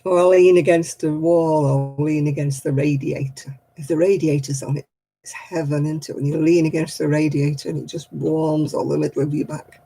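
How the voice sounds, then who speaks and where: A woman's voice: sits low, steady tone, normal speed, dark tone, low-quality recording. A woman hosting a craft livestream, chatting casually, laughing often and acting out other people's voices. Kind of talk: casual chat.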